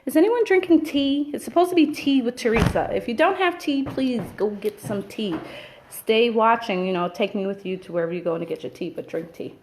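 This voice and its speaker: A woman's voice: a little high, a little fast, a little hiss or hum. A woman hosting a casual live stream from home, telling stories with lots of fillers. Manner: chatty storyteller, many fillers. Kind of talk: casual chat. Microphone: webcam or phone, live stream.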